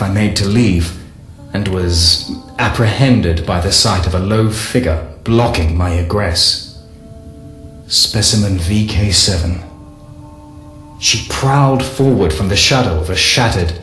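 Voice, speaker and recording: A man reading a first-person diary as scripted narration, measured, solemn and deliberate. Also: fairly low pitch, a bit bright. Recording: echoey room with faint music.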